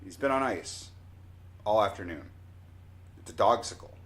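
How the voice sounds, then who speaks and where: A Canadian man in his forties telling a personal anecdote in a casual, animated way, often restarting his sentences. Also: fairly low pitch, moderate pace. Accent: Canadian English. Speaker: storyteller.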